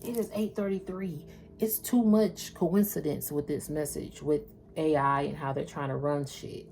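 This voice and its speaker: A woman's voice: deep voice, fairly even intonation, normal speed, a little mellow, slight background noise. A woman doing a casual spiritual reading, chatting with viewers in a slangy, loose way. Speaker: spiritual tarot reader.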